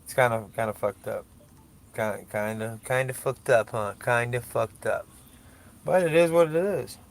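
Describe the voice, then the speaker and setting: Gravelly rambling man. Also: mid-range voice, normal speed. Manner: rambling, profane, self-mocking. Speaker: podcast host. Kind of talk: casual solo podcast rambling.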